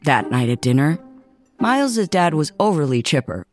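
A man narrating a children's story in an expressive, measured reading. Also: a little high, soft background music.

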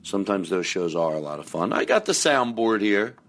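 A man's voice: on the low side, big pitch swings, a little fast, music in the background. A man hosting a comedy podcast, chatting casually in a jokey, self-mocking way. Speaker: podcast host.

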